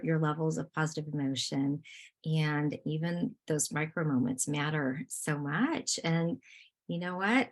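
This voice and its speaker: A woman lecturer speaking over a video call in a slightly low voice. She is encouraging and warm in tone, often pausing on fillers and restarting her phrases as she explains. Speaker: lecturer on positive emotions. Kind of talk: online presentation and Q&A.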